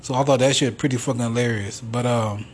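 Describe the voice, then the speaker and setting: A man's voice: medium pitch, steady tone, fairly quick, a little hiss or hum. A man hosting a podcast alone, telling stories in a rambling, profane, casual way. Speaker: podcast host. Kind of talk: casual solo monologue.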